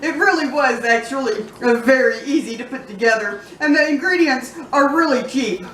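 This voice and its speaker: A woman hosting a home cooking vlog, talking casually, tasting food with drawn-out murmurs and cheeky, profane asides. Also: sits high, fairly bright tone. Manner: playful, cheeky and profane, savoring food aloud. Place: home kitchen. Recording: echoey room, mic at a distance, faint noise.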